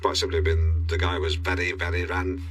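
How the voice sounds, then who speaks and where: A man's voice: deep voice, level tone, brisk, a bit bright. Pompous rambling male radio host. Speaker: radio presenter. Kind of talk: local radio show hosting.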